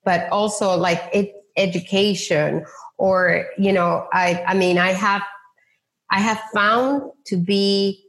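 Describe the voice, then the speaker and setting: A woman's voice: medium pitch, steady tone, takes it slowly, fairly bright tone. A middle-aged woman, a real estate agent, telling faith stories in an interview, acting out quoted voices with many restarts. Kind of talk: faith-centered interview storytelling.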